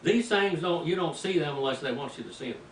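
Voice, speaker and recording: Older preacher telling a folksy tale, roomy. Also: male voice, on the high side, fairly quick. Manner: folksy, animated storytelling with sudden loud bursts. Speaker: pastor. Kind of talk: storytelling sermon. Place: mission field, preaching to a group. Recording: roomy, distant mic with faint ambient noise.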